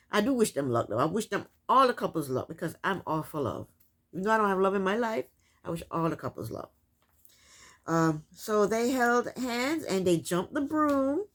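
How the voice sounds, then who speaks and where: Woman recap vlogger, high-ish voice, very lively pitch swings, sassy and chatty, filmed at home. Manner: sassy, chatty, laughs at the show. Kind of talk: casual recap commentary. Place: at home, fan running nearby.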